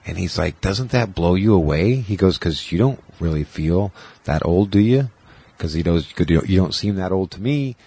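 Forties male podcast host; husky, lowish, dry, rambling personal storytelling. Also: expressive, moderate pace, warm tone. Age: 40s. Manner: rambling storytelling, quoting others in raised voices. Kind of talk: casual chat.

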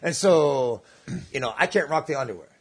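A man spins a rowdy anecdote among friends, his pitch leaping up and down as he acts out each voice. His tone is a little husky and pitched fairly high. He talks loosely and swears freely. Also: expressive, fairly quick. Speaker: storyteller. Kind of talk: casual storytelling among friends.

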